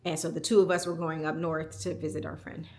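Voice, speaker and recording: A woman in her forties, a communication coach, telling a candid personal story in a home vlog, reflective and quick to laugh. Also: deep voice, flat delivery, vocal fry.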